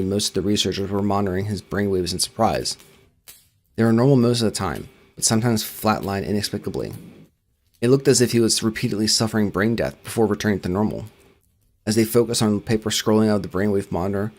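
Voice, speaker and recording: Fast-talking low-voiced male narrator. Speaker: narrator and channel host. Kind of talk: dramatic creepypasta reading.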